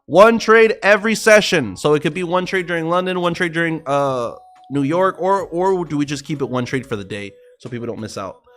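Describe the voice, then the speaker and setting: Talking a little fast in a fairly high voice, a young South Florida man rambles through a casual livestream about trading. He's excitable and profane, responding directly to his chat.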